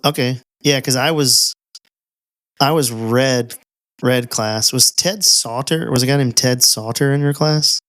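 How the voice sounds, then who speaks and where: Man hosting with quick questions. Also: mid-range voice, fairly bright tone, no echo, clean studio sound. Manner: quick affirmations, eager follow-up questions. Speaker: podcast host. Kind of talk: casual interview chat.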